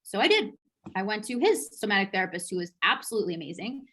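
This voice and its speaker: A woman hosting a podcast, telling a personal story in a candid, lively way, swearing casually and laughing as she retells it. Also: medium pitch, quick pace, poor audio. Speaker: podcast host.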